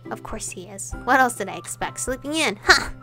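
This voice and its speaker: Animated and brisk, with a slightly high voice, she narrates a visual novel, performing each character and breaking off for side comments and laughter. Music plays in the background.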